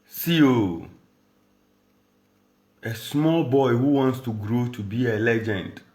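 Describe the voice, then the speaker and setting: A man's voice: medium pitch, takes it slowly, darkish tone, echoey room. A man from Ghana with a Ghanaian accent, a rapper and radio presenter, taunting a rival in a boastful diss video, switching between English and Dagbani. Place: at home.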